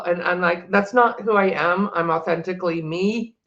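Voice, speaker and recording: Loud, rambling older woman. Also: fairly low pitch, moderate pace, muffled recording. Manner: chatty, rambling, self-interrupting; loud, emphatic. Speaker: psychic and energy healer. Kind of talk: casual unscripted monologue to camera. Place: home office.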